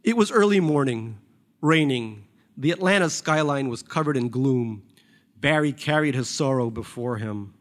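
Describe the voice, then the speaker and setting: A man's voice: medium pitch, animated, moderate pace. A man reading a novel aloud, with wry, conversational asides between the passages. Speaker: reader.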